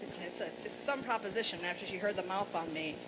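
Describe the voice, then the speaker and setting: A woman's voice: mid-range voice, quick pace. A woman doing salty, bawdy stand-up patter on a live stage, acting mock-forgetful between jokes. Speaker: stand-up comedian and singer. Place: large live venue, boomy room. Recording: live concert recording with loud audience noise. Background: live audience noise.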